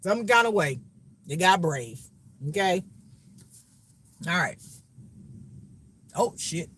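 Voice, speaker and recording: Man with a high voice, casual spiritual reader, preachy and repetitive, swears freely. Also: sing-song, takes it slowly, pushed and bright. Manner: preachy, profane, repeats phrases.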